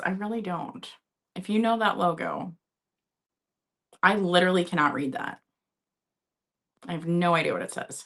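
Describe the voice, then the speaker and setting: A woman's voice: lowish voice, moderate pace, creaky, long pauses, fairly bright tone. A woman from Minnesota hosting a live vintage sale, chatting casually, laughing often and talking to her cat. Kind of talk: live-stream selling chat.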